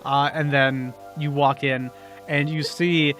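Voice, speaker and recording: A man narrating a tabletop role-playing game as game master, pausing with many fillers. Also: on the high side, little pitch movement, a bit bright, faint music behind.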